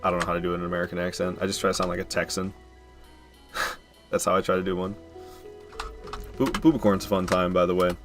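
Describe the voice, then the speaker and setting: A man's voice: low-pitched, fairly even intonation, brisk, pauses often, faint music behind. A man chatting casually with his viewers while he streams a video game from home, joking and laughing often. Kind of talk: casual live-stream commentary.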